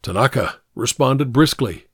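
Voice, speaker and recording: A man narrating an audiobook in an expressive storytelling manner, recorded close to the mic. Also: mid-range voice, measured pace, husky, no room sound.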